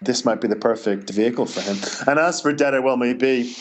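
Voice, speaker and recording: A Northern Irish man tells stories in a relaxed interview, chatty and anecdotal, with quick restarts as he goes. His voice sits at an ordinary middle pitch. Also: a little hiss or hum. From Northern Ireland. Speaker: author. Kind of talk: casual interview answers.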